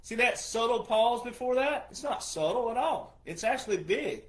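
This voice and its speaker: High-voiced man ranting emphatically. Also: lively intonation, normal speed. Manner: forceful, repetitive, rhetorical questions. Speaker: retired military veteran commentator. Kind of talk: emphatic monologue commentary.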